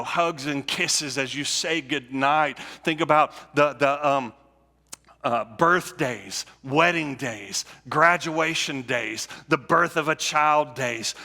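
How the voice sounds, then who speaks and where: A man's voice: fairly high pitch, pushed and bright. A male pastor preaching a conversational sermon, repeating phrases and restarting as he builds his points. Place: church sanctuary. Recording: long church hall reverb.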